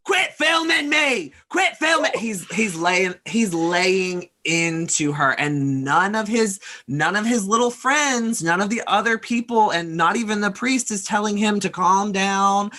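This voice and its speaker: A narrator of a tabletop role-playing game who speaks in an intense, indignant, halting way. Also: medium pitch, bright, forceful tone.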